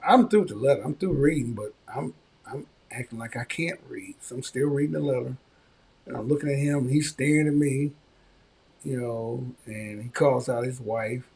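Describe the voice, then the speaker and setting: Podcast host, male, husky with some gravel, mellow tone, chatty storyteller. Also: medium pitch, a little slow. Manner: conversational, animated when quoting others. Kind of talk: casual storytelling and advice talk.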